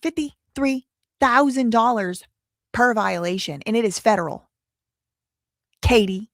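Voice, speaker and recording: A woman's voice: on the high side, animated, measured pace, dry recording, studio quality. A woman hosting a live commentary show, reading out documents with sarcastic, wry asides.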